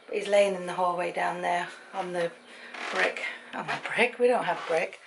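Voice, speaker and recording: A woman's voice: on the low side, steady tone, a little fast, gravelly, background noise. A middle-aged woman chatting at home in a rambling vlog, acting out the people she quotes. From Britain. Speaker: vlogger.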